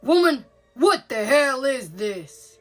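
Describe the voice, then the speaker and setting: A woman doing a loud grumpy dad. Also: a little high, measured pace, vocal fry, faint music behind, exaggerated voice. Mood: angry. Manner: loud, blunt and complaining. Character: gruff grumpy father, shouting at dinner.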